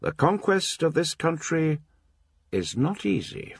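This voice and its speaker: A man's voice: a little high, sing-song, takes it slowly, vocal fry, slightly rough, dry recording, studio quality, full character voice. A man voicing a British general giving a sober warning. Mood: grave.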